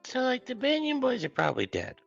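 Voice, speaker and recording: A woman's voice: high-pitched, huge pitch swings, fairly quick, creaky, faint music behind. A woman playing a tabletop game, blunt and crude in casual chat. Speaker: player. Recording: dull lo-fi sound.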